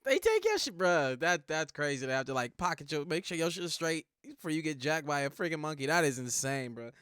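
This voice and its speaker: A young man hosting a reaction video, talking casually in slang, animated and laughing often. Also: a little high, a little fast, smooth, dry recording, studio quality. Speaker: reaction channel host.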